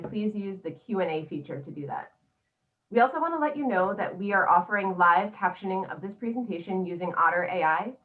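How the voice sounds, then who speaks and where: A woman hosting a webinar, going through housekeeping notes in an orderly, procedural way. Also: mid-range voice. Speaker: webinar host. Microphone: video call. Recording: tinny distant video call audio.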